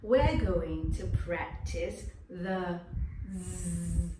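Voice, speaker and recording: A woman leads a children's drama lesson, speaking slowly and clearly. She sounds a little far from the mic in an echoey room, with clear background noise. Her pitch sits in a middle range. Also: expressive. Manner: slow, clear, encouraging teacher talk to young children. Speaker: kindergarten drama teacher.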